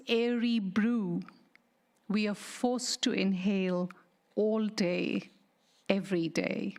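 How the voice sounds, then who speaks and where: A woman poet giving a slow, deliberate, mournful dramatic poetry reading, sometimes dropping to a hushed whisper. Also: mid-range voice. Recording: studio radio reading.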